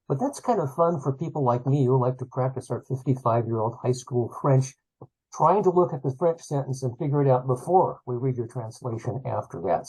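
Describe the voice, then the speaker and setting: A man hosting a book show, asking measured, thoughtful interview questions. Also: mid-range voice, darkish tone, breathy edge, rough recording.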